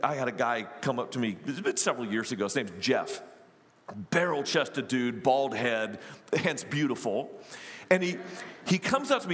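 A man preaching a sermon as a pastor, telling stories in quick bursts with asides to the congregation. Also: medium pitch, lively intonation, fairly bright tone, long reverb tail.

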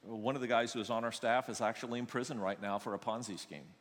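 A man pastor telling stories in a sermon, animated and joking, acting out the people he quotes. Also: medium pitch, quick pace. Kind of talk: sermon storytelling. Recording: long echo of a large hall.

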